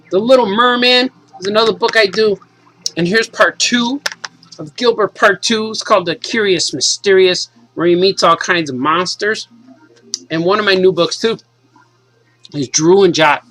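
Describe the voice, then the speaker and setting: A man in his forties, a cartoonist, casually and excitedly reading his comic aloud to kids. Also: sits high, moderate pace, rough recording. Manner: enthusiastic, casual, says "man" a lot.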